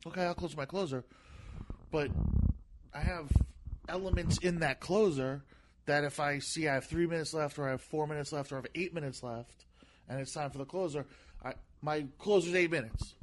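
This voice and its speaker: A man with a fairly high, soft voice chats as a comedian guest on a podcast. He rambles, repeats words and keeps restarting his sentences. His voice sounds gentle rather than tough. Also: moderate pace, slight background noise. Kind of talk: casual podcast chat.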